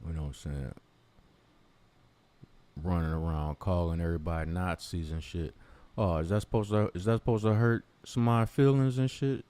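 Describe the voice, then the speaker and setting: Low-voiced man on a profane rant. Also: moderate pace, dark tone. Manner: confrontational, mocking, heavy swearing. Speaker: commentary vlogger. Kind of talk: profane ranting commentary.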